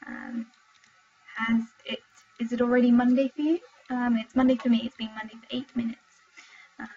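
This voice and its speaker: A young woman from Wales chatting with her viewers while commenting on her gameplay, excitable and talkative, in dull lo-fi home stream audio. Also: a little high, breathy edge. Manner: chatty, excitable, exclaims at the game. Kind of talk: live gameplay commentary and chat.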